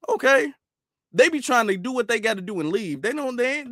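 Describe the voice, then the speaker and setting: Man, high voice, dry close sound, emphatic repetitive streamer commentary. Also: animated, fairly quick, pushed and bright, no echo. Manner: emphatic and repetitive, with rhetorical questions. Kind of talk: live-stream commentary reading super chats.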